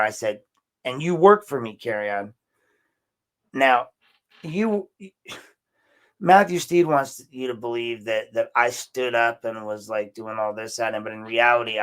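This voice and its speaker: A man hosting a podcast, talking through a recent confrontation in a casual, animated commentary, with emphatic bursts and rambling restarts. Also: on the low side, clear, resonant tone. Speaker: podcast host.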